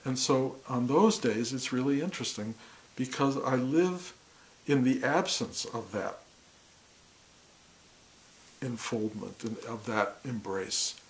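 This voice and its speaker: A man giving a slow, reflective spiritual talk, speaking softly and often dropping to a near whisper. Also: mid-range voice, poor audio. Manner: slow, soft, intimate, drops to near whispers.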